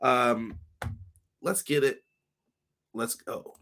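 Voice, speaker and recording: A man hosting a casual wrestling podcast livestream, upbeat and greeting viewers by name, his voice slightly hoarse. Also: mid-range voice, drawn-out words, pushed and bright, a little hiss or hum. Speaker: podcast host.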